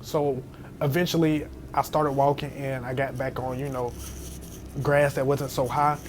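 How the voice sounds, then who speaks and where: A young man telling a scary story in casual storytime style, animated and jumping to high squeals when he quotes himself. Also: measured pace. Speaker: storyteller vlogger. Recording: faint background noise.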